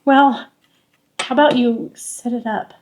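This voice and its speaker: A woman's voice: on the high side, fairly even intonation, slow, noisy background. A woman hosting a home cooking vlog, chatting playfully and laughing often in her kitchen. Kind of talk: casual chat.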